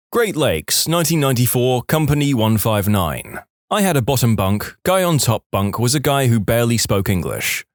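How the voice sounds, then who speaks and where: A man narrating online posts as podcast storyteller in a lively, expressive reading. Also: medium pitch, no echo, studio quality.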